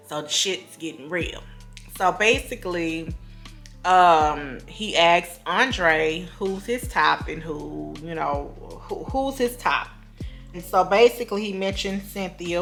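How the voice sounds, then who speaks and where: A woman's voice: on the low side, a bit bright. Chatty woman gossiping over a recap. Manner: chatty, gossipy, full of fillers and asides. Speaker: show recap vlogger. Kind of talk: casual reality-show recap.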